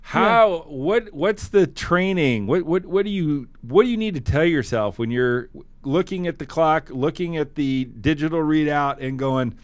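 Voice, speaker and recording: A man hosting a podcast interview, animated, with frequent restarts, reading text aloud playfully. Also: fairly high pitch, unhurried, hardly any pauses. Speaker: podcast host. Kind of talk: casual interview.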